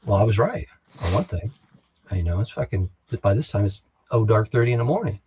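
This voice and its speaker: A man's voice: on the low side, very animated, fairly quick, mellow, slight background noise. A middle-aged man, an army veteran, telling war stories in a blunt, profane, casual way and acting out other soldiers' lines. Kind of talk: casual storytelling.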